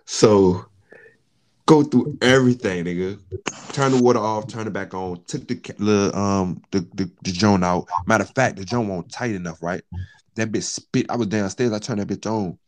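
A man's voice: fairly low pitch, moderate pace. A man telling a long, profane story in casual chat, acting out the quotes of the people in it.

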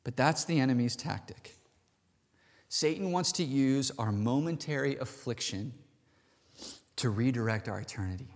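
A man preaching a sermon with a stuffy nose, swinging between loud urgency and soft, intimate pleading. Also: medium pitch, animated, normal speed, long pauses, long reverb tail.

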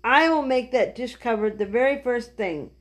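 A woman's voice: on the high side, expressive, normal speed, natural voice. A woman reading aloud, voicing a sensible, practical older brother in a children's storybook. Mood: steady.

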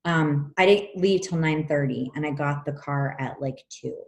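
A woman co-hosting a casual chat, telling a personal story in an animated, frank way and swearing freely. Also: sits low, normal speed, creaky, slight background noise. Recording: roomy echo.

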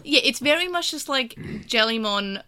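A woman's voice: high voice, expressive, moderate pace, pushed and bright, slight background noise. An Australian woman co-hosting a casual chat, rambling with lots of stammered restarts. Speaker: podcast co-host.

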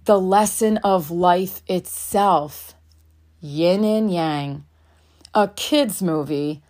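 A woman's voice: fairly low pitch, drawn-out words, darkish tone. A woman in her thirties, a mother telling a parenting story in a candid, reflective way, swearing now and then. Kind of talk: casual storytelling monologue.

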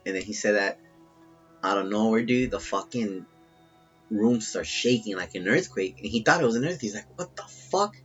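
Casting: husky, lowish male storyteller, swears a lot, rambles, dull lo-fi sound with faint music behind. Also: moderate pace. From Salvadoran family. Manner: profane, rambling, animated when telling the story. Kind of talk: casual storytelling.

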